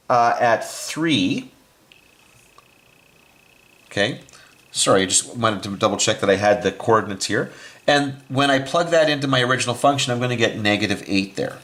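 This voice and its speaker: A man walks through a math lesson step by step, thinking aloud as he works at the board. He often catches his own slips and corrects them mid-sentence, with many "okay"s along the way. His pitch sits in an ordinary middle range for a man. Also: fairly bright tone. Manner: explains step by step while writing on a board. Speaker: math teacher.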